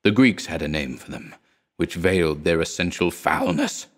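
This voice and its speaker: Haunted, hysterical man: shrieks, then hoarse whispers, as a male narrator puts him on. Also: low voice, normal speed, voice pushed down. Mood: hoarse dread. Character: terrified drug-haunted man, raving of hounds.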